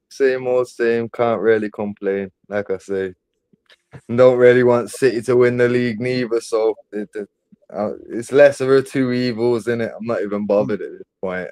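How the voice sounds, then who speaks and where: Young guy, blunt football banter, smooth voice, dry close sound. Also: on the low side, darkish tone, no room sound. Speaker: podcast co-host. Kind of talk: casual football chat.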